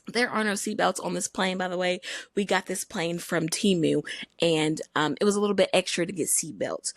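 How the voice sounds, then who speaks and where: A woman's voice: mid-range voice, no echo, studio quality. A woman voicing a careless, uncaring flight attendant who reads out cabin announcements in a mock-formal way and keeps switching accents. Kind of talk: comedic role-play bit.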